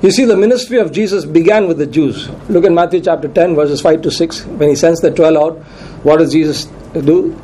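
Man preaching, high voice, reads scripture and quizzes the congregation, faint hum behind. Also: brisk, mellow, rough recording. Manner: repeats questions to the congregation for emphasis; reads scripture aloud with verse references. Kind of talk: sermon.

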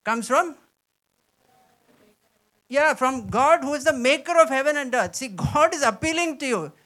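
A man preaching a sermon, reading scripture with slow, heavy stress and mixing quiet asides with loud exclamations. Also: extremely high pitch, lively intonation. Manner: emphatic, reads scripture aloud with slow dramatic stress.

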